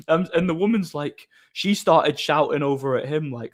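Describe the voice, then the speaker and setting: A man's voice: a little high, fairly even intonation, normal speed, few pauses. A young man chatting casually on his livestream, telling rambling door-work stories and laughing at them. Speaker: streamer and bar doorman.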